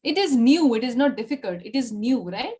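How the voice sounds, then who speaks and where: A woman teacher with a high-pitched voice leads an online Spanish class. She explains patiently, tagging almost every line with "okay?" or "right?" to check that students follow. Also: expressive, fairly quick, warm tone. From India.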